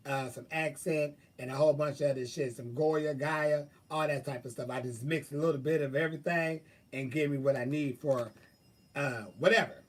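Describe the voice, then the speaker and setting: Brief: man vlogger, higher-pitched, loose profane chatter, mic a bit far off. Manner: chatty, profane, animated, thinking aloud. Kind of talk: casual rambling monologue.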